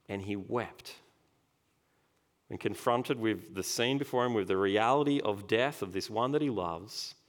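A man preaching a sermon, earnest and emphatic, slowing down to stress key phrases. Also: lowish voice.

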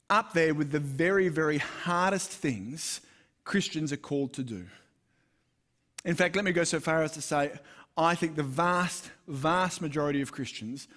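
A man's voice: a little high, fairly bright tone. A middle-aged Australian man preaching a sermon in a conversational, self-deprecating storytelling manner. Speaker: pastor.

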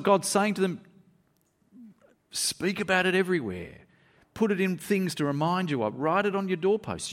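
A man preaching a sermon to his congregation, reading scripture aloud and pressing his points with quick asides. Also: slightly rough, in a large hall. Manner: animated preaching, pitch rising and dropping for emphasis, quick asides. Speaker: pastor.

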